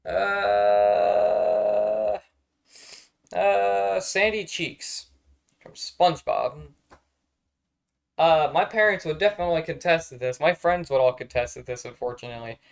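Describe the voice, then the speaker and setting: Streaming from home, a man ranks characters on a tier list while chatting casually, rambling and swearing and getting easily exasperated. His voice is fairly high, animated, and gravelly, and he speaks at a slow pace.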